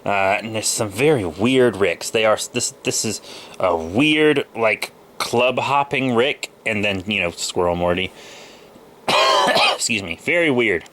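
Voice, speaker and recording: Casual male vlogger in his twenties, bright and sharp-toned, under the weather, loose and rambling. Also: lowish voice, huge pitch swings, measured pace, a little hiss or hum. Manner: rambling, loose, with many fillers. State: a little sick with a cold. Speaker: comic book vlogger. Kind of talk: casual haul video chat.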